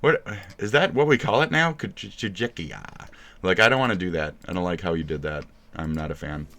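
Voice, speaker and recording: A man's voice: low voice, quick pace, fairly bright tone. A man streaming live, ranting and mocking with crude swearing in casual reaction talk.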